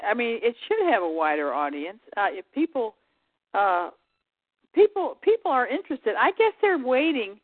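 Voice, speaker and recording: A woman calling in as a guest on a radio show, rambling in casual chat with halting starts and trailing thoughts. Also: fairly high pitch, big pitch swings, dry recording. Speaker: call-in guest. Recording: tinny dry phone line.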